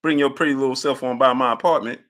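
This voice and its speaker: A man's voice: mid-range voice, fairly even intonation, quick pace, a bit bright, lightly acted. A man doing an impression of a menacing, brash male boxer taunting his rival in a raised, swaggering voice.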